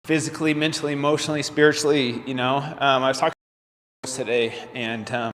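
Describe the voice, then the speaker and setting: A man around forty speaks to his viewers on a casual livestream, halting and earnest, with plenty of fillers and restarts. He is holding back tears as he talks. His voice carries a long, roomy reverb over a faint background hiss. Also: medium pitch, fairly even intonation, a bit bright. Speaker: fitness vlogger.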